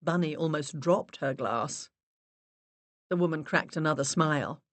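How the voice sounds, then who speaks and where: A woman narrating a mystery audiobook in the first person, expressive storytelling. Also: sits low, a little slow, no echo. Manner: expressive storytelling with varied character voices.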